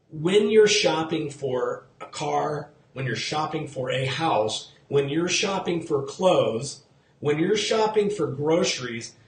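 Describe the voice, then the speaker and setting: A man's voice: on the high side, reverberant, a little hiss or hum. Chatty man hosting a live real estate show. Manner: chatty, repeats key figures, quizzes and greets viewers. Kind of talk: live-streamed market talk. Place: outdoors in the sun.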